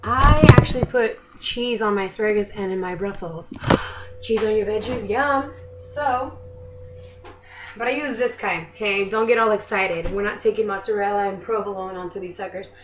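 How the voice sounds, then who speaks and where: A young woman with a medium-pitched voice talks at a moderate pace while preparing food in her home kitchen for a casual cooking vlog. She's self-deprecating and keeps apologizing, and the kitchen sounds echoey with background noise.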